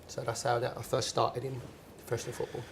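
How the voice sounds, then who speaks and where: A man's voice: medium pitch, monotone, quick pace. A man in his forties, a former footballer as guest, telling stories in an earnest, emphatic way with many restarts. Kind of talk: storytelling in a conversation.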